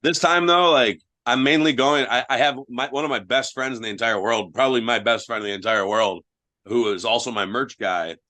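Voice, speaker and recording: A man's voice: medium pitch, a little fast, sharp tone. A young man, a guest wrestler, telling blunt, profane stories in casual podcast chat.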